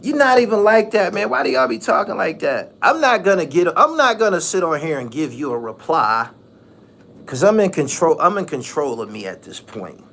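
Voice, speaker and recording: Animated, mocking man on a vlog rant. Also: sits high, moderate pace, creaky. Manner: animated, mocking, repeats phrases, laughs often. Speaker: channel host.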